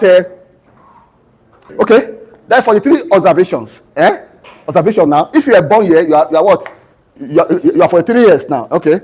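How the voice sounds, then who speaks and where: A middle-aged Nigerian lecturer in a lecture room, his voice sitting very high for a man and leaping up and down with animated energy. He keeps prompting the class with open-ended questions and pauses for them to fill in the blanks. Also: slightly rough, rough recording. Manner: drills students with fill-in-the-blank questions ending in "what?"; teaches through homely family anecdotes. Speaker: university lecturer.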